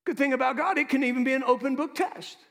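A man preaching a sermon as pastor, with lively asides to the congregation. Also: very high-pitched, fast talker, big-room sound.

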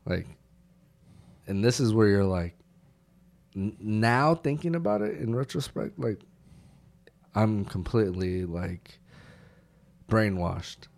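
A very low-pitched male voice belongs to a veteran guest on a casual podcast. He tells his story with lots of profanity, and the dramatic moments burst out in shouts. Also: animated, takes it slowly, vocal fry, long pauses.

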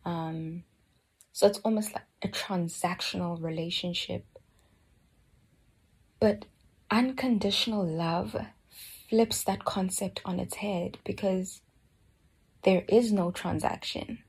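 A woman giving a slow, earnest personal reflection on a Bible book, often dropping to a soft near-whisper. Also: mid-range voice, breathy edge. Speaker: Bible study speaker.

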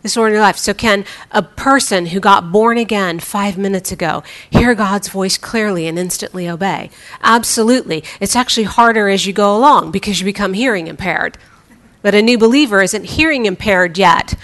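A woman's voice: medium pitch, brisk, a bit bright. A woman preacher giving a conversational sermon, chatty and humorous, often restarting her sentences.

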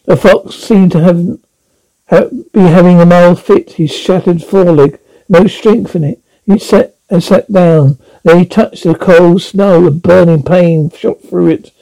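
A man's voice: sits high, fairly even intonation, creaky, dark tone, low-quality recording. A man reading a storybook aloud, stumbling often and correcting himself as he narrates. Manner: halting with frequent slips and restarts. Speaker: audiobook reader.

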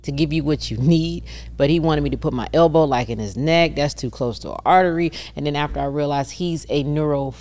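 A middle-aged woman with a gravelly, fry-laden voice chats about her years as a massage therapist. She tells her stories casually, and she brings them to life by animatedly voicing the people she quotes. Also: deep voice, a little fast, few pauses, a little mellow. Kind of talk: casual interview storytelling.

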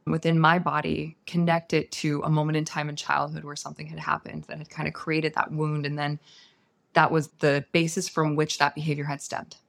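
A woman, a guest on an interview show, telling a personal story in a soft, unhurried, earnest way. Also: deep voice, little pitch movement, vocal fry.

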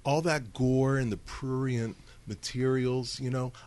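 A man as a guest reviewer in a casual film chat, animated and repeating words when he gets going. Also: mid-range voice, unhurried.

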